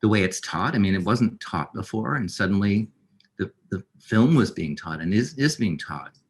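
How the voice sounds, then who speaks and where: A middle-aged man with a very low, deep voice talks as an interview guest. He speaks in a halting, thoughtful way, pausing on fillers and starting sentences over. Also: expressive, slightly rough. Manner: halting, many fillers and restarts. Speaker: filmmaker guest. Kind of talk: reflective interview talk.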